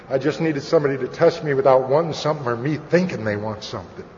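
A man's voice: medium pitch, fast talker, hardly any pauses. A man sharing his personal recovery story with an audience, candid and conversational, with wry humor. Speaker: speaker at a recovery meeting. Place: meeting hall. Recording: lo-fi recording with long hall reverb and faint noise.

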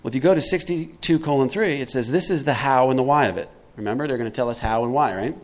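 A man's voice: medium pitch, fast. A middle-aged man giving a twelve-step recovery talk to a group, conversational and emphatic, often putting questions to his listeners.

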